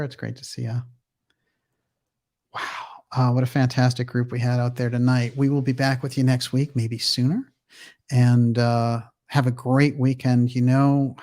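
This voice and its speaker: A man's voice: mid-range voice, a little mellow. A man hosting a livestream, upbeat as he reads out viewer names and comments and answers questions in casual chat. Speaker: livestream host.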